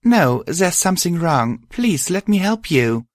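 A man's voice: sing-song, moderate pace, no room sound, clean studio sound. A man voicing an earnest, worried young female pegasus pony who pleads with a friend. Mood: pleading. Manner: pleading, raised pitch.

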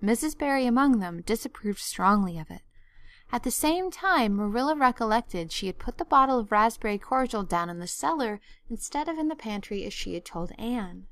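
A woman narrating a classic novel in an expressive storytelling way. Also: mid-range voice, no echo. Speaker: audiobook narrator.

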